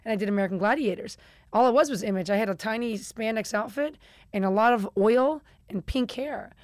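A woman's voice: fairly high pitch, a little fast, a little mellow, no echo, studio quality. A middle-aged woman from Chicago, a guest chatting candidly and acting out quotes, with casual swearing. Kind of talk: candid conversational storytelling.

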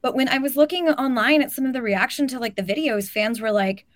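With a high-sitting voice and a fairly quick delivery, this woman shares strong opinions as co-host of a laid-back sports talk show. She's emphatic and leans heavily on "like" as filler, and there's no echo in the recording.

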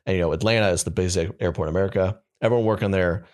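A man's voice: sits low, very fast. A man co-hosting a casual comedy podcast, telling stories and acting out people he meets in funny voices. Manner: animated storyteller, acts out people in funny voices. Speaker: podcast co-host.

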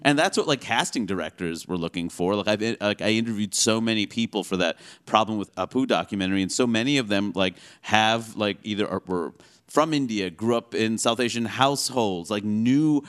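A man in his thirties from the United States, a comedian talking fast and loosely in an interview, full of "like" and "you know". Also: on the low side, smooth. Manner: quick, animated, self-mocking, lots of "like" and "you know". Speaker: stand-up comedian, guest. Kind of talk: casual interview talk.

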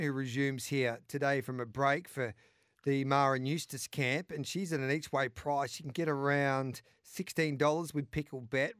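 A man hosting a casual racing podcast, briskly reading out runners and odds. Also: medium pitch, no echo, studio quality. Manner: reels off odds briskly, teasing banter. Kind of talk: casual racing preview chat.

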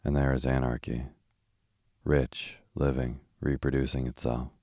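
A man reading as an intense anarchist poet, deep and level. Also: flat delivery, a little slow, dark tone, no echo, clean studio sound, heavily acted. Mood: fervent. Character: intense fiery-haired male anarchist poet. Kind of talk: sleep audiobook reading.

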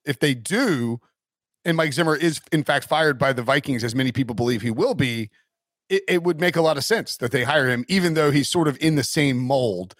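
A man's voice: medium pitch, a little fast, fairly bright tone, no room sound, studio quality. A man hosting a casual sports talk show, rambling with many fillers and restarts. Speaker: podcast host.

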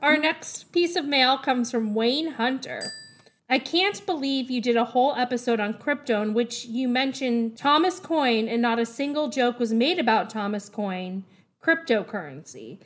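A woman producer reading listener emails aloud on a podcast in a matter-of-fact, deadpan way. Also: on the high side, moderate pace.

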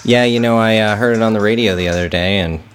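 A man co-hosting a podcast, chatting casually, quick and loose, often restarting his sentences. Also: lowish voice, faint music behind. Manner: quick, loose, trips over his words. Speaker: podcast co-host. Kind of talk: casual chat.

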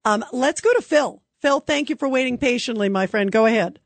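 A woman hosts a call-in radio show, her fairly high voice dry and close to the mic. She talks emphatically and with indignation, gushing over her callers. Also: a little fast, dry recording. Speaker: radio talk show host.

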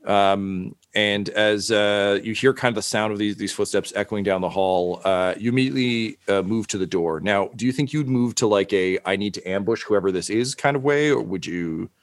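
Low-voiced man narrating a tabletop game. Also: normal speed, few pauses, no echo, clean studio sound. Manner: hesitant, heavy with fillers. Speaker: game master.

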